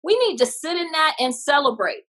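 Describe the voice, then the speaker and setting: Animated, bright-voiced woman comedian. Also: high-pitched, a little fast, low-quality recording. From Texas. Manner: animated, expressive, laughs often. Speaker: comedian guest. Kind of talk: casual storytelling interview.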